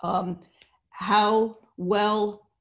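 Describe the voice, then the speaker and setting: Slow-talking woman lecturing online. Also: medium pitch, little pitch movement, a bit bright. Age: older. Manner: slow, explanatory, with fillers and restarts. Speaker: neuroscience lecturer. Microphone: computer mic on video call.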